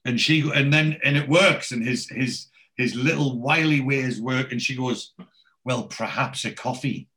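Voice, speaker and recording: A man's voice: mid-range voice, unhurried, sharp tone. A man in casual chat, rambling through a TV episode and quoting the characters in his own voice.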